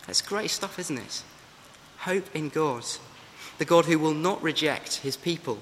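A man's voice: a little high, lively intonation, unhurried, a bit bright. A man preaching a sermon, earnest and exhorting, often asking the congregation rhetorical questions. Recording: long hall reverb, faint background hum.

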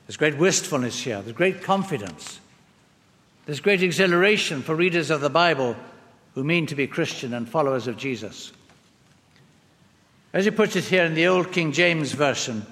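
A man preaching a sermon, expressive and emphatic, with dramatic pauses. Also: fairly high pitch. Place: church. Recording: long church reverb.

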